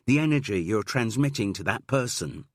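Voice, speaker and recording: A man's voice: fairly low pitch, lively intonation, moderate pace, dry recording, studio quality, voice pushed up, natural voice. A man voicing an eager young male drama student who gushes and says "like" a lot. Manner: eager, gushing, full of "like".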